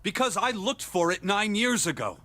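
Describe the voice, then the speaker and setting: A man voicing a cool, dismissive young man who answers flatly and matter-of-factly. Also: high-pitched, normal speed, no echo, exaggerated voice. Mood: curt. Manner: flat, matter-of-fact.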